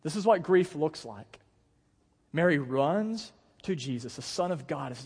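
A man's voice: a little high, expressive, normal speed, darkish tone, husky, in a large hall. An American man, a pastor, giving a sermon in a casual, conversational way with lots of fillers. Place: church auditorium.

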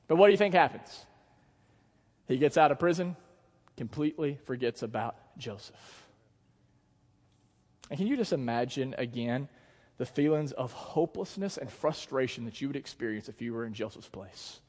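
A male pastor preaching a sermon in an animated storytelling manner, acting out the scenes as he goes. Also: mid-range voice, normal speed, pauses often. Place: church sanctuary. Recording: long church reverb.

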